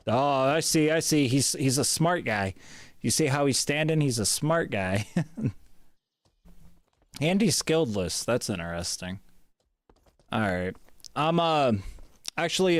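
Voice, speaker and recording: A man chats through a live game stream in a close, dry-sounding recording. He grumbles and swears freely, jumping from loud complaints to low muttering, with a middle-pitched, everyday voice. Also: dry recording. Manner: grumbling, profane, swings between loud gripes and mutters. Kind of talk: live gameplay chat.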